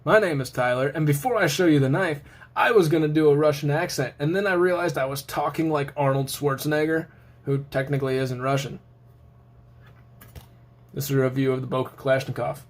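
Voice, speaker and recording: A man's voice: a little high, fairly quick. A young man hosting a knife review show, talking casually with sarcastic jokes and rambling asides.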